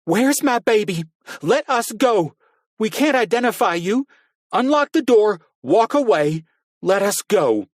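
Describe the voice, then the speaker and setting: Rich: a desperate young mother screaming and sobbing for her freedom, as a male audiobook narrator puts her on. The voice leaps high and shrill, loud and strained. It has a thin, different timbre, far from the narrator's own. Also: very animated, a little slow, no room sound, studio quality. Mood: desperate pleading. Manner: pleading, sobbing.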